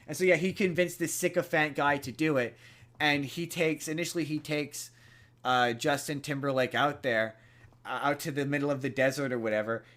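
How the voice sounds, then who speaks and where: A man's voice: on the high side, steady tone, normal speed, a bit bright. Chatty young man retelling a movie. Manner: rambling retelling of a movie plot with many fillers. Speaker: podcast co-host. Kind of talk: casual chat.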